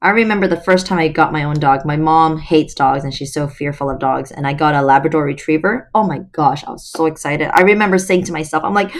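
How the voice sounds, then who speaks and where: A woman's voice: deep voice, a little fast, hardly any pauses. Chatty woman reading a storybook aloud. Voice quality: lively voice changes for the characters, casual and talkative. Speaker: storytime reader. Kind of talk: reading a children's novel aloud with chatty asides.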